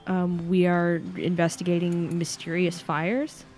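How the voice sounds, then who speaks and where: A woman's voice: lowish voice, little pitch movement, a little slow, a little mellow, soft background music. A woman playing a tabletop game, speaking hesitantly with many fillers. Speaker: player.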